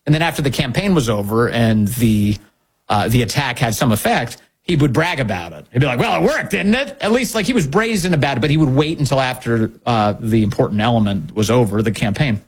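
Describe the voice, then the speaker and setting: A man's voice: mid-range voice, animated, a little fast, husky. A man hosting a political commentary show, talking emphatically and sarcastically, firing off rhetorical questions.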